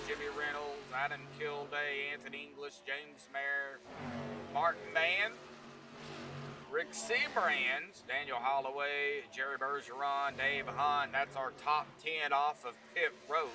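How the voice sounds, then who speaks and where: A man doing laid-back sim racing play-by-play commentary, with self-deprecating banter between calls. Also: mid-range voice. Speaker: race commentator. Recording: distant mic with clear background noise.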